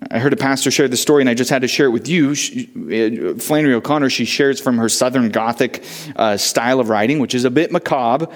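A man's voice: medium pitch, a little fast. A male pastor preaching a sermon, earnest, telling a story with frequent restarts.

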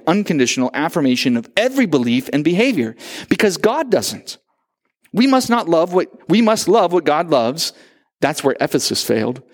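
Animated pastor preaching. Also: male voice, a little high. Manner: animated storytelling with acted-out quotes. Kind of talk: sermon.

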